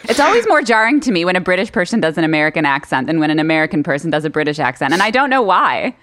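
A woman jumps into a podcast chat with quick, chatty talk. Her voice sits lower than most women's and moves fast. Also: very animated, fairly bright tone.

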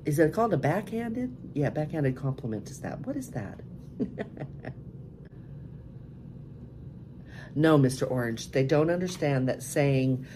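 A woman's voice: low voice, expressive, moderate pace, few pauses, noisy background. A middle-aged woman hosting a live-stream podcast, chatting frankly and laughing often as she answers viewers. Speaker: cam show podcast host. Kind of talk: casual live-stream chat reading viewer messages.

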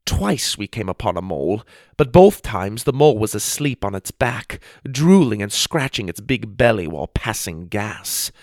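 Expressive male storybook narrator. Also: lowish voice, moderate pace. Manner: expressive first-person storytelling. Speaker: audiobook narrator.

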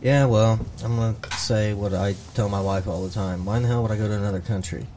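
A man's voice: on the low side, steady tone, quick pace, mellow, slight background noise. A man hosting a casual podcast, joking around and swearing freely. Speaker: podcast host. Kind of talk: casual chat.

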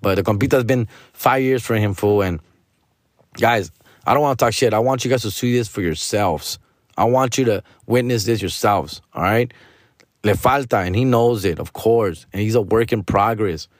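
A man's voice: lowish voice, normal speed, no echo, studio quality. Profane man ranting. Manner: profane, slangy, mixes in Spanish. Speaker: podcast host. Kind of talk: casual storytelling rant.

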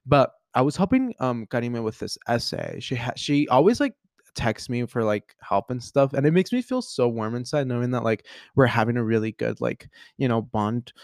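A man's voice: medium pitch, lively intonation, moderate pace, gravelly, darkish tone, no room sound. A man hosting a casual solo podcast, talking in an earnest, rambling way full of fillers and restarts. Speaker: podcast host.

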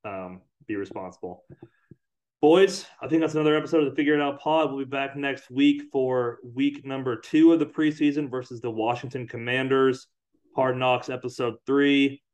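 A man hosting a casual sports podcast, easygoing and quick to laugh. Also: mid-range voice, darkish tone. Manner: easygoing, laughs often, wraps up the show. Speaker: podcast host.

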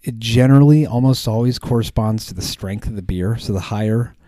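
A man's voice: fairly low pitch, fairly quick, dark tone, no room sound. A man hosting a podcast, chatting casually in a rambling way with many ums and restarts. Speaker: podcast host. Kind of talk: casual chat.

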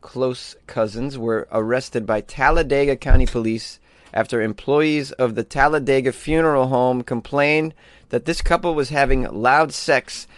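A man's voice: mid-range voice, unhurried, no room sound. A man hosting a comedic weird news show, reading odd stories and riffing on them with jokes and laughter. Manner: animated, jokey, laughs at his own lines.

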